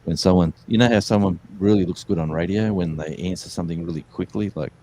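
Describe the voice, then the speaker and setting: A man with a low voice and a dark, relaxed tone, chatting as a guest. He tells his stories in a loose, rambling way, full of fillers and restarts. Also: fast talker. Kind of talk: casual storytelling chat.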